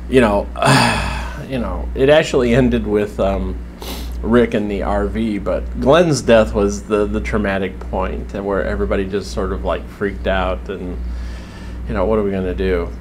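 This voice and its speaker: A man's voice: lowish voice, fairly even intonation, unhurried, a little hiss or hum. A man casually recapping a TV episode in a sarcastic, wry way, swearing now and then.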